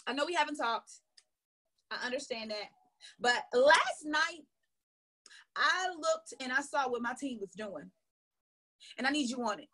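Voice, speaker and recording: A woman sales coach giving an energetic, emphatic motivational training talk. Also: sits high, moderate pace, long pauses. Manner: energetic, emphatic, acts out little dialogues.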